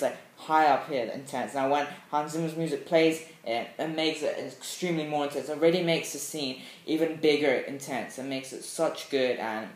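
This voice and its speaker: A man gushes about a movie in a loose, rambling review, throwing in sound effects and fillers as he goes. His voice sits mid-range for a man. The room around him is echoey. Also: medium pitch. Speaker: movie fan vlogger. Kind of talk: casual film review chat.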